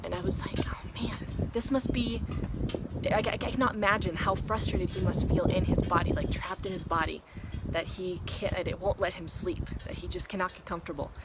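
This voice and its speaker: A woman in her thirties talks straight to her viewers in a candid, rambling way, swearing now and then. Her voice sits at an everyday pitch for a woman. Clear background noise runs under the home recording. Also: steady tone, fairly quick. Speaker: vlogger and mother. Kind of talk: casual confessional vlog. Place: vacation cabin in the mountains.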